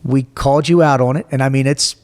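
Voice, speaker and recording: There's a long reverb tail on this man's mid-range, fairly quick voice. In a casual interview, the forty-something guest shares a tale from his own life, animated, blunt and heavy on profanity.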